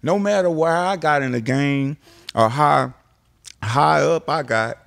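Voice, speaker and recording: A man from Texas, an interview guest, telling long stories in an animated way, repeating words and swearing freely. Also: a little high, a little slow, creaky, no echo. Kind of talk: animated storytelling.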